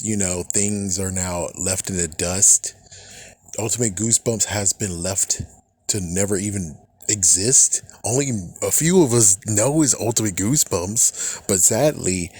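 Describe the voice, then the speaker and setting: A young man ranting about books in a casual, rambling way, excitable and swearing often, mocking imagined critics in quick put-on voices. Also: lowish voice, husky. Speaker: book fan vlogger. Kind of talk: casual rant.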